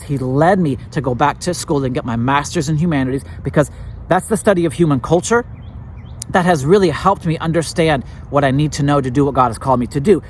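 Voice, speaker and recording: A man's voice: a little high, slight background noise. A man hosting a church talk show, preaching casually to his viewers and repeating his slogans with emphasis. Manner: emphatic, repeats slogans, laughs at own lines.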